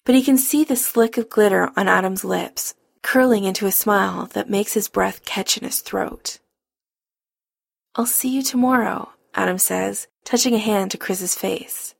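Gravelly woman narrating a romance. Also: mid-range voice, steady tone, moderate pace, few pauses, no room sound, clean studio sound. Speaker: audiobook narrator. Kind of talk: scripted narration of a romance story.

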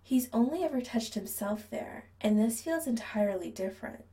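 A woman reading a story aloud in a soft, hushed narration that often drops to a whisper. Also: a little high, animated, normal speed, recorded from a distance, rough recording. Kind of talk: scripted narration.

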